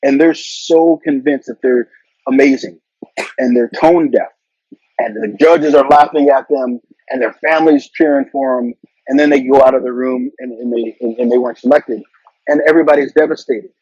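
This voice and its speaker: A middle-aged man speaks in a husky, breathy voice, earnest and advice-giving, and often repeats words as he goes. The sound is dry and dull, like a lo-fi recording. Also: mid-range voice, fairly even intonation, normal speed, a little mellow, no room sound. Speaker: interview guest, corporate marketing executive. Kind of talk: casual conversational interview.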